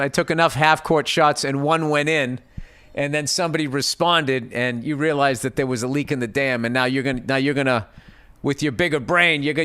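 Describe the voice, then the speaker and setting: A man in his fifties with a Boston accent rants through listener advice on a comedy podcast. His voice sits a bit high for a man. He swears freely, mocks himself, and flares into frustrated yelling. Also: smooth. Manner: profane, self-mocking, bursts into frustrated yelling. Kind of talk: casual comedic advice rant.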